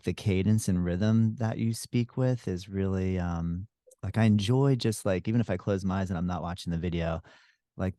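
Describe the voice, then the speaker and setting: A man hosting a casual podcast interview, relaxed and affirming, with many fillers. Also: deep voice, no room sound, studio quality. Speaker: podcast host and yoga teacher.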